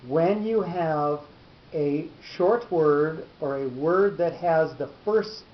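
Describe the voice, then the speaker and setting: A man's voice: a little high, takes it slowly, a little hiss or hum. A man teaching a class on Torah cantillation, explaining patiently step by step and restarting his sentences often. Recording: echoey lo-fi room recording.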